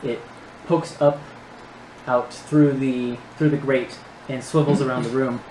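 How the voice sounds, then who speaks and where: A man's voice: mid-range voice, steady tone, a little slow, roomy sound, noisy background. A man narrating a tabletop game as game master, laid-back and hesitant, with many ums and restarts.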